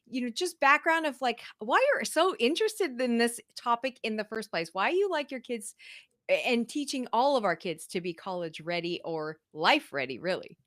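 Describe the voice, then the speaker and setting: A woman's voice: a little high, animated, normal speed, dry recording. Eager woman podcast host, dry sound. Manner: enthusiastic, warm welcoming. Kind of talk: interview introduction.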